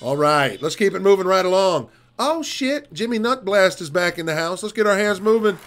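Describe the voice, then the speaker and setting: Open mic host, male, high voice, loose and profane banter. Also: expressive, moderate pace, fairly bright tone, faint music behind. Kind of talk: casual hosting banter.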